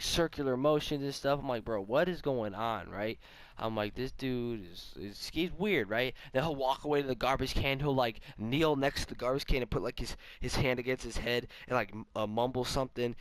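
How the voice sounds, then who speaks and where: A young man casually telling a rambling, animated story while gaming, full of fillers and asides. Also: medium pitch, smooth, no echo. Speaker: vlogger.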